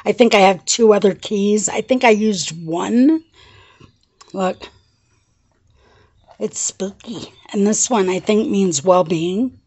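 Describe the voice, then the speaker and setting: A woman chatting through a casual craft show-and-tell vlog, gushing and excitable, laughing often and shaky with excitement. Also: mid-range voice, takes it slowly, long pauses, husky. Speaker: craft vlogger.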